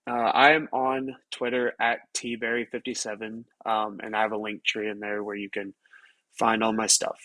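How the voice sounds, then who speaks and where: Male guest, low voice, rambling, dry close recording. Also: flat delivery, moderate pace, bright, forceful tone, no room sound, rough recording. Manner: rambling, with many fillers. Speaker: podcast guest. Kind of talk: casual podcast chat.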